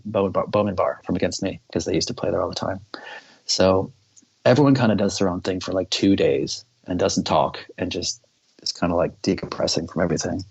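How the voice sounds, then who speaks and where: A man with a very low, gravelly voice and a husky edge tells a story as a podcast guest. He rambles loosely, leans on filler words and swears freely. The recording sounds dull and lo-fi. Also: a little mellow. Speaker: podcast guest, band member. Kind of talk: casual storytelling.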